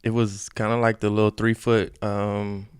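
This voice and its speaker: A man's voice: fairly low pitch, completely flat delivery, moderate pace, smooth, no echo, studio quality. A man co-hosting a podcast, chatting casually with laid-back short replies. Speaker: podcast co-host. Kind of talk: casual chat.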